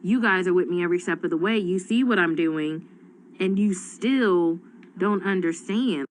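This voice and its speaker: A woman's voice: on the low side, normal speed, low-quality recording. A woman in her thirties, a mother, chatting casually about scripture and animatedly acting out lines as she retells them. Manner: animated, acts out voices in retelling. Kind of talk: casual Bible study chat.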